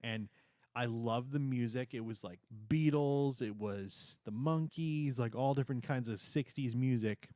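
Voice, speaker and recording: A man's voice: medium pitch, a little slow, mellow, dry recording, studio quality. A young adult man co-hosting a casual review chat, enthusiastic and rambling, sometimes stumbling over his words. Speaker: co-host reviewing theme park events.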